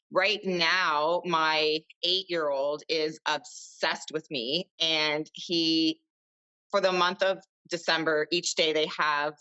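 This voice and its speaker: A woman's voice: low voice, pushed and bright, dull audio. A woman in her thirties, a podcast guest chatting casually and rambling with lots of fillers. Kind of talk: casual chat.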